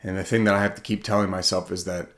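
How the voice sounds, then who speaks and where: A man with a fairly low voice speaks as an author giving a heartfelt motivational talk. He is earnest and keeps asking himself questions. He pushes some lines out loud and lets others drop to a hush. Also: little pitch movement, fast. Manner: earnest, self-questioning, swings from loud to hushed.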